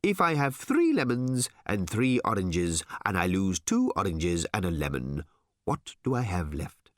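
A man's voice: dry recording, studio quality, full character voice. Man voicing a fussy shape-shifting bird machine. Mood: matter-of-fact. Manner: shifts pitch wildly, calm and briskly matter-of-fact. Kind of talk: audiobook character voice.

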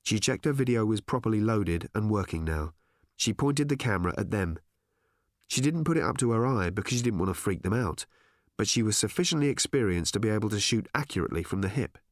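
A man narrating an audiobook with an expressive, dryly ironic reading. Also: on the low side, a little fast, no echo, clean studio sound.

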